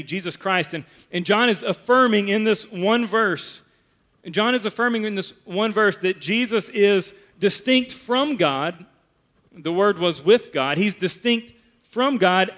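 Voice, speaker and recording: Pastor, male, high-pitched preacher, emphatic delivery that sinks soft on key points. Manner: emphatic preaching, drops to soft low voice for key words, repeats phrases. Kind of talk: sermon.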